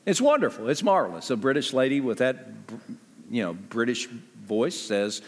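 A man preaching a sermon as pastor, talking conversationally with lively jumps in pitch and quick asides. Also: slightly rough, in a large hall.

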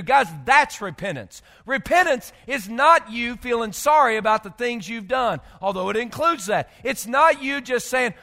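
A male pastor delivering a sermon in a very high, bright, piercing voice. He moves between loud emphatic bursts and low, quiet stretches, often stuttering over repeated words. The sound carries a long hall reverb. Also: animated, normal speed, gravelly, few pauses. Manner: repeats words when gathering thoughts.

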